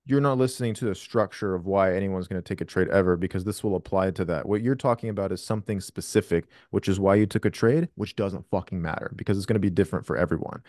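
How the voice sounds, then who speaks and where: Blunt male coach, low-pitched, dry and close, swears freely on a video call. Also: fast, few pauses, a little mellow, no echo. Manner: blunt and profane, emphatic. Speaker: trading coach hosting a call. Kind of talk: live Q&A coaching.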